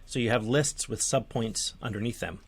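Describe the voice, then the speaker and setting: A man's voice: medium pitch, moderate pace, slightly rough. Man explaining manuscript formatting casually. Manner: relaxed, conversational, with fillers and restarts. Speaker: editor teaching manuscript formatting. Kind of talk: screen-share tutorial.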